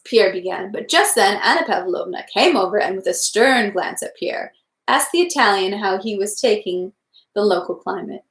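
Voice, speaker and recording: A woman's voice: mid-range voice, lively intonation, moderate pace, a bit bright. Woman reading a novel aloud, echoey. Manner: careful, stumbles over French words. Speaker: reader. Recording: echoey room.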